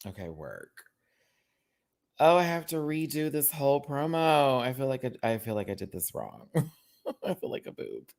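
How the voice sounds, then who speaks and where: American guy doing a campy review rant, super expressive voice jumping all over. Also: mid-range voice, moderate pace, gravelly. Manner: animated, campy, exclaiming with slang. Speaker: YouTube reviewer host.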